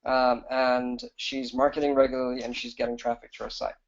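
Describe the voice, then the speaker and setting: A man giving a fast, enthusiastic sales pitch as a business coach on a live webinar, with fillers and restarts. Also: level tone, vocal fry, lo-fi sound.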